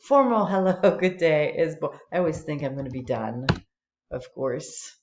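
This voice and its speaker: A woman's voice: sits low, measured pace, darkish tone. A woman French teacher walking students through an online flashcard tool step by step, patient and explanatory. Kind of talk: screen-recorded tutorial walkthrough. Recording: echoey room, dull lo-fi sound.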